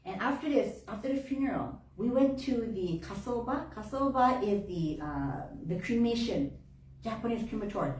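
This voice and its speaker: A woman minister giving a heartfelt personal testimony to her congregation, laughing often and jumping up in pitch when she gets excited. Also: moderate pace. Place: church hall. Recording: roomy room, voice from far off.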